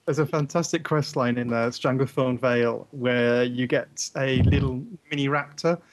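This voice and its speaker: A man talking casually about games with a mid-pitched voice. He explains things with real enthusiasm but halts often, filling the gaps with ums and uhs. His tone is that of an easygoing co-host. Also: fairly even intonation, normal speed. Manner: enthusiastic, hesitant explainer with many fillers. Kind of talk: casual gaming chat.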